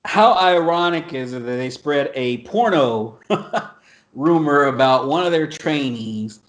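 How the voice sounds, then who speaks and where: A man's voice: fairly high pitch, lively intonation, measured pace. Profane casual male podcast host. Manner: blunt, profane, laughs often. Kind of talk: casual chat, reading an article aloud. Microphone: video call.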